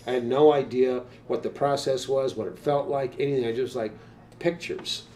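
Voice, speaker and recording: An older man, a tattoo artist, telling stories in a casual interview, rambling and animated and swearing casually, heard on a slightly distant mic. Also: mid-range voice, a little fast, slight background noise.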